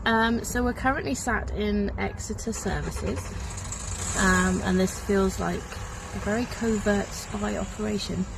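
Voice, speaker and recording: Gravelly Devon woman, chatty and slow. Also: mid-range voice. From Devon, England. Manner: chatty, giggly, playful. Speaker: assistant director of a research group. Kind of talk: casual video message. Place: outdoors at a motorway service station. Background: faint traffic noise.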